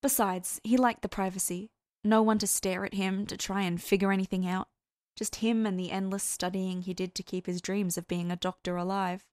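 Woman storyteller, mid-pitched, dry close recording. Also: fairly even intonation, darkish tone, no echo. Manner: measured storytelling, voicing characters. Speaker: fan fiction reader. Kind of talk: audiobook-style story narration.

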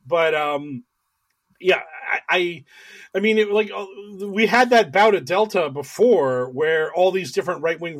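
A man's voice: fairly high pitch, no echo. A man co-hosting a podcast, chatting casually in a sarcastic, ranting way, with many fillers and restarts. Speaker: podcast co-host. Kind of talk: casual political banter.

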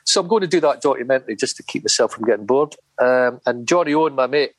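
A man, a podcast guest telling casual anecdotes in an animated way with laughs. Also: mid-range voice, fast talker, no echo, poor audio. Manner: animated anecdotes with acted-out voices, laughing often. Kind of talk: casual storytelling chat.

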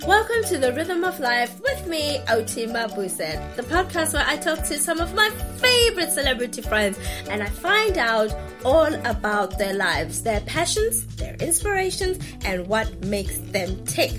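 A woman's voice: high voice, big pitch swings, unhurried, music in the background. Enthusiastic woman hosting. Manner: enthusiastic, laughs often. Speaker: podcast host. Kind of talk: casual interview chat.

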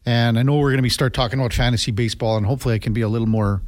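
A man's voice: mid-range voice, racing, no room sound. A middle-aged man hosts a sports talk radio show in a dry, close studio sound. He talks casually and drifts into long anecdotes. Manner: rambling storyteller, animated when telling anecdotes. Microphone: studio microphone.

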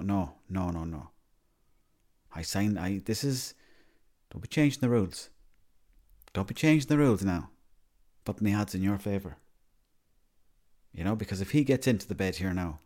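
An Irish man with a lowish voice tells a long comic story in a flat, matter-of-fact way. He rambles, trips over his own phrases and circles back to correct himself, never breaking from his deadpan delivery. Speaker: comedy character monologue.

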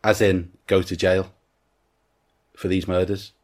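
A man's voice: sits low, level tone, slow pace. A man co-hosting a podcast in casual film chat, retelling scenes at length and quoting the characters' lines. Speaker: podcast co-host.

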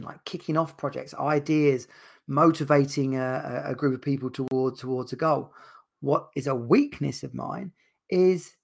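A man's voice: medium pitch, creaky. A man hosting a podcast, talking casually and rambling with many restarts and repeated words. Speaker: podcast host and dads' coach. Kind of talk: casual solo podcast talk.

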